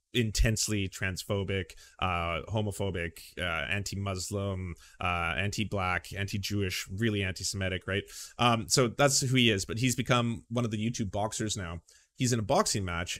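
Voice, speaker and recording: A man's voice: lowish voice, fairly bright tone. A man hosting casual political commentary in a sarcastic, mocking way. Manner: sarcastic, mocking impressions of others.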